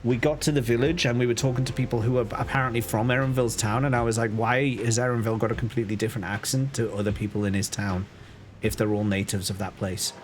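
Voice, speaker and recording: A man from Liverpool with a softened Liverpool accent, thinking aloud with restarts while streaming a game. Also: mid-range voice, steady tone, quick pace, slight background noise. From Liverpool, England. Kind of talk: casual live-stream commentary. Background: faint game music.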